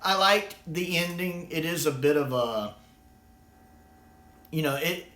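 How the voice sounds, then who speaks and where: An American video reviewer rambles through a casual spoken review, full of fillers and frequently restarting his sentences. His voice sits on the high side, animated, pushed and bright, though he takes it slowly. The recording carries a roomy echo.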